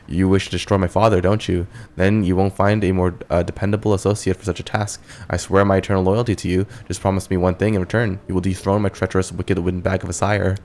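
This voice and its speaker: A man's voice: low voice, flat delivery, fast talker, few pauses, darkish tone. A man voicing the resentful ghost of a demon lord's daughter, read aloud plainly. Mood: bitter.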